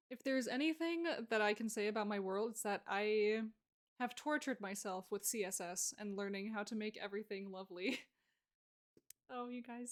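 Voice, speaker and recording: A young adult woman streamer chatting casually on a live stream, giggly and full of fillers. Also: a little high.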